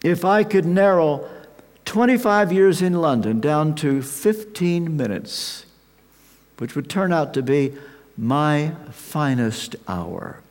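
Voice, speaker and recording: An older man preaching a sermon, slow and emphatic with dramatic pauses. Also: on the high side, darkish tone. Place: large hall with an audience. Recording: reverberant hall sound.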